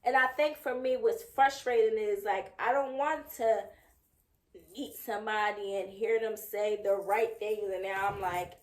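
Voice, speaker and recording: A woman's voice: mid-range voice, fairly even intonation, a little slow. A woman in her thirties co-hosting a podcast, speaking frankly and emphatically in casual chat. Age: 30s. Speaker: podcast co-host. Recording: echoey room.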